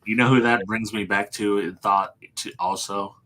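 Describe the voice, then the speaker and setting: A man's voice: on the low side, steady tone, normal speed, pushed and bright, a little hiss or hum. A man co-hosting a casual movie chat, easygoing and agreeable, saying "dude" and "yeah" a lot. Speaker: podcast co-host.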